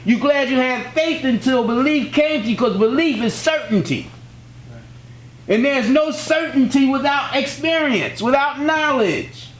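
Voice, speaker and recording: A man's voice: very high-pitched, lively intonation, a little slow, slight background noise. A man from the United States giving a spiritual teaching in an earnest, plainspoken way, repeating key phrases and telling personal stories. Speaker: religious teacher.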